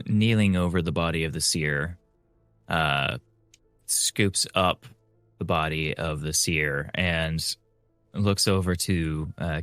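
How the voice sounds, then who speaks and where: Male tabletop player, hesitant, deep voice, dry close recording. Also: fairly bright tone, clean tone, no room sound. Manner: hesitant, with frequent fillers. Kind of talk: describing his character's actions.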